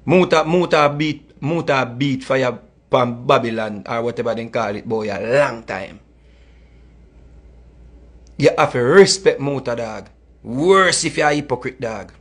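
A man's voice: mid-range voice, unhurried, slightly rough. A middle-aged man with a Jamaican accent, delivering a heated, scolding monologue that mixes in Patois and repeats his points. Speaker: music commentator.

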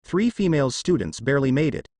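A man's voice: medium pitch, very animated, quick pace, a little mellow, no room sound, studio quality. A man voicing a playful female school principal in a storybook reading, in his own plain voice. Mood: teasing.

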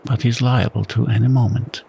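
A man's voice: mid-range voice, steady tone, fairly quick, vocal fry, dark tone, slight background noise. A man in whispered role-play voicing a stern, determined younger man trying to save a dog. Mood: urgent.

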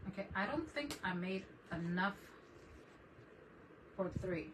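A woman's voice: medium pitch, expressive, takes it slowly. Chatty woman doing a craft stream from her desk, kinda far from the mic, bit of hiss behind her. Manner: chatty, laughs often, greets viewers by name. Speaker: craft channel host. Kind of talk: casual live-stream chat while crafting. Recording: distant mic with faint background noise.

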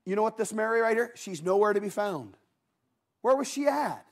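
A middle-aged man preaching a Sunday evening sermon in a folksy, animated way, acting out quotes as he tells the story. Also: high-pitched, moderate pace. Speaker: guest preacher.

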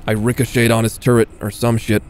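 A man's voice: mid-range voice, level tone, a little fast, a little mellow, soft background music. A man giving casual, swearing gameplay commentary as he plays, talking half to himself and half to viewers. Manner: muttering, swearing asides to viewers. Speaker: gaming video creator.

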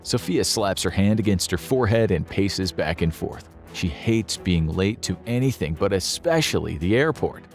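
Deep-voiced man narrating a tense story. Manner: steady dramatic storytelling. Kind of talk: scripted narration.

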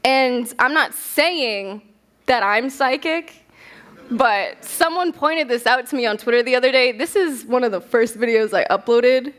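A woman's voice: a little high, unhurried, a bit bright. A young woman giving a casual, candid stage talk at a festival, telling stories with lots of swearing and laughter. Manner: candid, profane, laughs often. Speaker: festival speaker.

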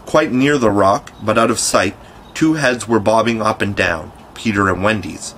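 A man reading a children's classic aloud in measured, scripted narration. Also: fairly low pitch, a bit bright, a little hiss or hum. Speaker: audiobook narrator.

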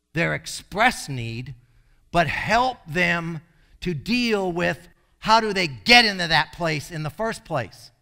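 A male pastor preaching a sermon in an emphatic way, with sudden loud bursts. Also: high-pitched.

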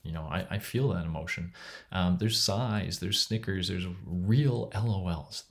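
This deep-voiced, middle-aged man speaks a little slowly in a relaxed lecture recorded at home. His delivery is chatty and wandering, full of restarts and quiet laughter.

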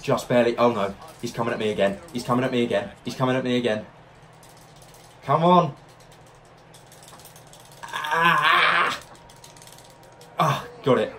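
A man giving excitable let's-play commentary, narrating each move and reacting loudly as he plays. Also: mid-range voice, quick pace. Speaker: gaming YouTuber.

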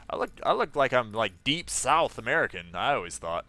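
Young male streamer, casual and chatty, laughs a lot, mid-pitched voice. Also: big pitch swings, fairly quick, hardly any pauses, pushed and bright. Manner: chatty, laughs often, reads chat aloud. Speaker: game streamer. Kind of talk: casual live-stream chat.

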